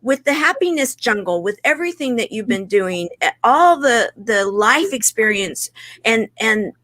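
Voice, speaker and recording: An enthusiastic woman hosting a talk show, her voice bright and rather high. She asks long, rambling questions, and the sound is dry and close to the mic. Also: very animated, measured pace, dry recording. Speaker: host.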